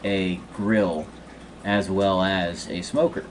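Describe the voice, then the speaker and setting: A man's voice: deep voice, steady tone, slow, slight background noise. A man chatting casually on a podcast, laid-back and brief in his replies. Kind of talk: casual chat.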